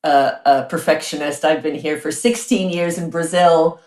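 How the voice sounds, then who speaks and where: A woman's voice: sits low, fairly even intonation, normal speed, a little mellow, echoey room. A woman with a North American accent hosting a podcast interview, chatty and effusive, with frequent restarts. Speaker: podcast host.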